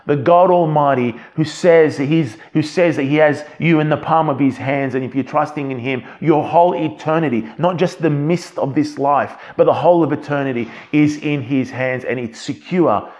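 A man's voice: fairly high pitch, moderate pace, few pauses, a little mellow. A man preaching an expository sermon in an earnest, emphatic way, often restarting his phrases.

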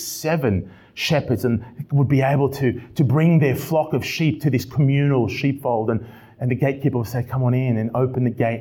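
A man preaching a sermon, swinging from loud emphatic passages to quiet ones, with frequent stumbles and restarts. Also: on the low side, husky.

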